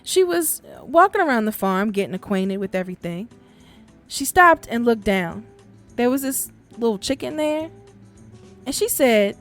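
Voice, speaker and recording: A woman's voice: on the high side, animated, normal speed, faint music behind. Chatty woman telling folk tales. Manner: laughs often, casual, chatty. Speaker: podcast host and storyteller. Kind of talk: casual storytelling podcast.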